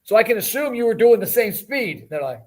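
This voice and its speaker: A man hosting a casual chat, telling stories and joking with his father. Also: high-pitched. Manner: joking, storytelling, fast and animated. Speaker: podcast host.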